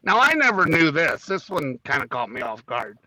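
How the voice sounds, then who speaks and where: Bright, slightly high man, dry close mic. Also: sing-song, normal speed, dry recording. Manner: joking, reads topics off a list. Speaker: podcast co-host. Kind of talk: casual chat.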